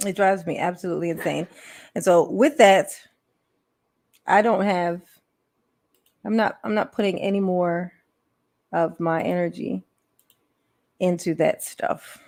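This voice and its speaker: A woman's voice: lowish voice, steady tone, slow, long pauses, a little mellow. A woman live streamer, chatting casually with viewers, rambling and laughing often.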